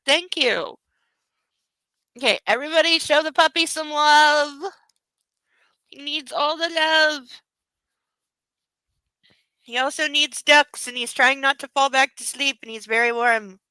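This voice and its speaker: A woman's voice: high-pitched, sharp tone, no echo, poor audio. A woman hosting a book club livestream from home, chatting casually and gushing in baby talk to her dog.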